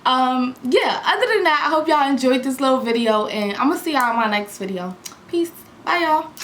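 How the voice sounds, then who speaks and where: A young woman vlogger telling a storytime in a casual, slangy, animated way, acting out what people said. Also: high voice, moderate pace. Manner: animated, slangy, acts out quotes loudly. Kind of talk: storytime vlog. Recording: echoey room with faint background hum.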